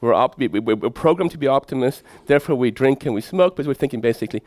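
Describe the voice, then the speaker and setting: Brief: middle-aged male lecturer, average pitch, dry close sound, chatty and anecdotal. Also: fast, hardly any pauses, dry recording. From Sweden. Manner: lively storyteller who asks the audience rhetorical questions. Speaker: professor lecturing.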